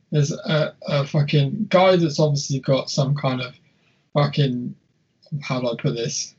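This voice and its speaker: A man's voice: medium pitch, fairly even intonation, unhurried, slightly rough, dull audio. A young man co-hosting a casual film chat, rambling and swearing freely with many restarts. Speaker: podcast co-host.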